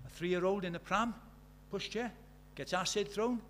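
A man's voice: sits high, moderate pace, fairly bright tone, slight background noise. A middle-aged man from Britain preaching a sermon, telling stories with acted-out dialogue and firing rhetorical questions.

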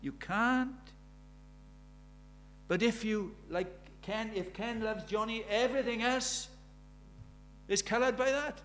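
A middle-aged man preaching a sermon. He drops to near-whispers and then rises to loud, urgent questions. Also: high-pitched, steady tone, unhurried. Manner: swings from hushed intimacy to loud urgent questions.

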